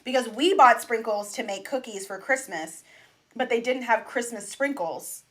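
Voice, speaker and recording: A woman's voice: a little high, moderate pace. A young woman co-hosting a casual podcast, chatting easily with frequent ums. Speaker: podcast co-host. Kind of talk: casual chat.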